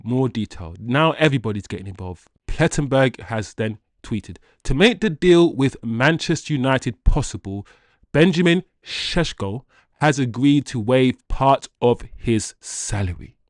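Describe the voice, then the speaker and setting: A man hosting a football fan channel, reading transfer news aloud and riffing on it in a jokey, animated way. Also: medium pitch, unhurried, dry recording, clean studio sound. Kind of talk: casual transfer-news commentary.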